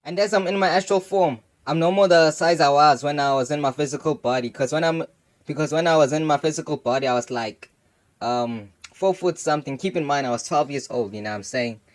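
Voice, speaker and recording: Here a young adult man, a channel host, recounts something personal at a slightly fast clip in a fairly high voice. His delivery is loose and slangy, full of asides and "you know what I'm saying" fillers.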